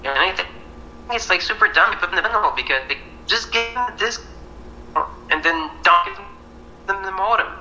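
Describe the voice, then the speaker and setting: Canadian male comedian guest, very bright and sharp tone, rambling sarcastic riffs, faint background noise. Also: high-pitched, brisk, pauses often, highs cut off. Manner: rambling, filler-heavy, sarcastic riffing. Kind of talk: casual chat.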